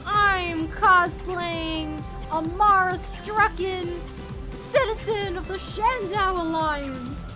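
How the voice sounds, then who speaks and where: A woman's voice: very high-pitched, very slow. A woman streaming a game, chatting playfully with giggles and mock announcer voices. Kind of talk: casual game commentary. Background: game music.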